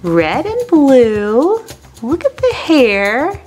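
A woman's voice: high-pitched, huge pitch swings, extremely slow, darkish tone, faint music behind. A woman hosting a toy channel, narrating pretend doll play in a playful, gushing way.

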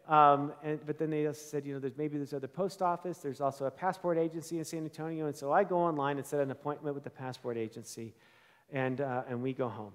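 A middle-aged male pastor with a notably high voice preaches in a church sanctuary, his words trailing into a long reverb. He tells his story in an animated, self-deprecating way, swinging between loud bursts and hushed stretches. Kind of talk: sermon with personal storytelling.

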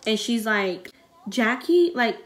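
Young woman, vlogger, storytime delivery: rambling, filler-heavy, emotional, slightly higher voice, near tears. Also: unhurried, fairly bright tone. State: close to tears.

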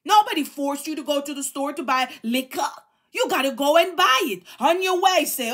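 Fervent high-voiced woman preaching. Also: lively intonation, normal speed, a bit bright. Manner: fervent, exhorting, emphatic repetition. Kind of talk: sermon.

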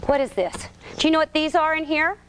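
A woman with a high voice leads a preschool gymnastics class indoors. She gives short, sing-song, encouraging directions. Faint background noise sits behind her. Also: animated, fast, a bit bright. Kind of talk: coaching young children in class. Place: indoor gym.

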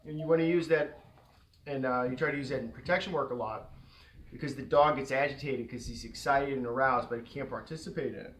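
A man's voice: a little fast, poor audio. A man who trains dogs, casually explaining his method indoors at home. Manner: relaxed and chatty, breaking into high baby talk with the dogs. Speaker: dog trainer. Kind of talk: casual instructional talk during a training session.

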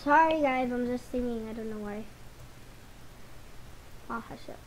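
Chatty high-voiced girl rambling. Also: unhurried, slight background noise, poor audio. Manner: rambling, chatty, talks to viewers. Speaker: gaming channel host. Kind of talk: casual commentary over gameplay.

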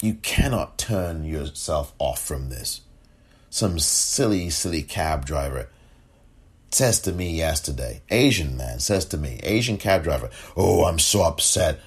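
Podcast host, male: deep and husky, impassioned and indignant, wide expressive swings. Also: a little slow. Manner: mocking impersonations of others. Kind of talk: solo political commentary.

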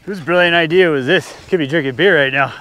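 A man's voice: on the high side, brisk, sharp tone. Rambling man vlogging outdoors in snow. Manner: rambling, talks to his dog, jokes to the viewers. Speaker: camping vlogger. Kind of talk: casual outdoor vlog chat. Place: outdoors in snow at a camp spot. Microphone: action camera.

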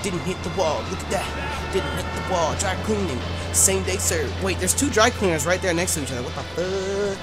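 A gaming streamer giving casual, profane let's-play commentary, yelling in frustration and muttering to themselves between outbursts. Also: medium pitch, moderate pace, few pauses. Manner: profane, yells in frustration then mutters to self. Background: game music.

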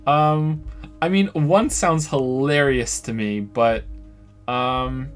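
A man's voice: medium pitch, takes it slowly, faint music behind. A man streaming a video game, giving casual, sarcastic commentary and reading the game's dialogue and narration aloud.

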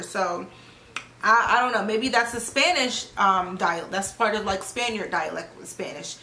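A young woman talks casually to her viewers, piling on fillers and now and then dropping a swear word. Her voice sounds bright and sharp, and the recording carries a roomy echo. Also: mid-range voice, slight background noise. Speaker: vlogger. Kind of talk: casual chat.

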